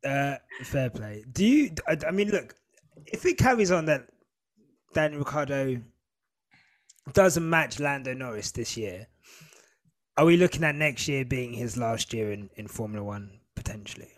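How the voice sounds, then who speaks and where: A man's voice: mid-range voice, expressive, moderate pace. A man hosting a sports podcast in casual chat, pushing his guests with playful questions. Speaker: podcast host.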